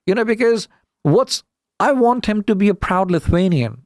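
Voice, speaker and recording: Gravelly, indignant middle-aged man. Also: sits high, normal speed, dry recording, clean studio sound. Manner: animated, retells dialogue with indignant emphasis. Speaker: podcast guest. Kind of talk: casual storytelling interview.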